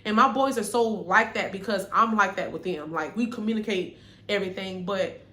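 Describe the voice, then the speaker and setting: A woman's voice: medium pitch, moderate pace. Candid young woman telling her story. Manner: candid, addresses viewers as y'all, quiets when sad. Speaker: vlogger. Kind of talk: personal storytelling to viewers. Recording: echoey room with faint noise.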